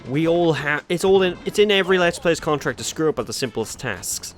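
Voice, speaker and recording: A man with a Welsh accent talks over his gameplay in a chatty, exasperated way. His voice sits a little high and bounces around a lot. Faint game music plays underneath. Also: animated, quick pace, few pauses, a bit bright. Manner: chatty, exasperated, mildly sweary. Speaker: let's play host. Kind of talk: casual gameplay commentary.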